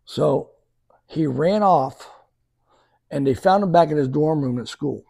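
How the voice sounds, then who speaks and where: Podcast guest, male, fairly high gravelly voice, lively anecdote-teller, dry close sound. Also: unhurried, dry recording. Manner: lively storyteller who acts out quoted dialogue. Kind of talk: conversational storytelling.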